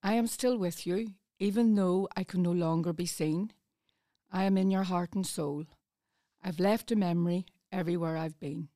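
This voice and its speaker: A woman reads a poem aloud with a mellow, fairly low voice. Her delivery is soft and earnest. She is recorded close on a studio microphone with a dry sound. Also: moderate pace, dry recording. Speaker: community volunteer reading a poem. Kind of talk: reading poetry aloud.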